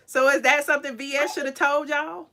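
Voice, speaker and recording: A woman hosting a casual live chat with callers, sassy and quick to laugh. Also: high-pitched, sharp tone. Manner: sassy, laughs often, drawn-out "child". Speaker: channel host.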